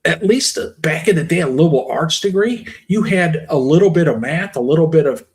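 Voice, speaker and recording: A man's voice: fairly high pitch, expressive, brisk. A middle-aged man telling stories in a blunt, profane, ranting way on a casual chat show.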